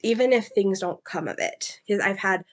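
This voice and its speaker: A woman's voice: mid-range voice, normal speed. Chatty woman reviewing books. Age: adult, mother. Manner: chatty retelling full of fillers and asides. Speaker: book reviewer. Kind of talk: casual book discussion.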